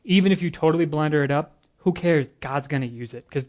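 A guest preacher delivers a sermon at a quick pace, reading scripture and earnestly explaining it. His voice sits a little high for a man. Somewhat nervous but lively, he interjects casual jokes between the readings.

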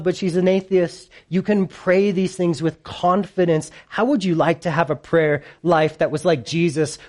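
A man preaching a sermon to a congregation with kids present, animated and playful, swinging from hushed lows to loud peaks. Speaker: pastor.

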